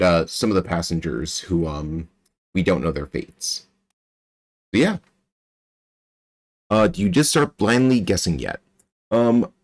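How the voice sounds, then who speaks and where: A man streaming a mystery game, thinking aloud and chatting with his viewers in a relaxed way. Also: low-pitched. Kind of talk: casual gameplay commentary.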